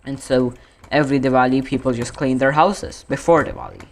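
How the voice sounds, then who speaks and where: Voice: mid-range voice, steady tone, a little hiss or hum. Rambling streamer from India. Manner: rambling, self-correcting, drawn-out fillers. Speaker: gaming streamer. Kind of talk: casual gaming stream chat.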